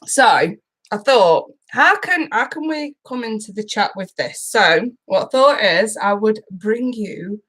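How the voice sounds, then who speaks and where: A woman's voice: medium pitch, expressive, takes it slowly, a bit bright, breathy edge, low-quality recording. A woman, a tarot reader hosting a live stream in a casual chat, greeting viewers by name, swearing freely and emotional, laughing through it. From United Kingdom.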